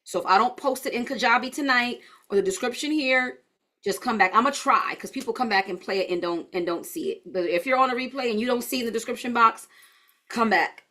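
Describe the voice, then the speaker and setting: Tired woman coach, higher pitch, casual live-class banter. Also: brisk, pushed and bright. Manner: chatty and informal, addressing viewers as y'all. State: tired, yawning. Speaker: holistic health coach. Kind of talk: live online class, casual talk to viewers.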